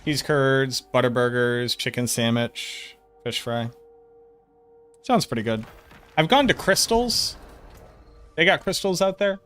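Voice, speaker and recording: Male streamer, mid pitch, loose profane banter with chat, faint music underneath. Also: measured pace, fairly bright tone. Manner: joking, profane, riffs on chat comments. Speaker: game streamer. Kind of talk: casual live-stream chat with viewers.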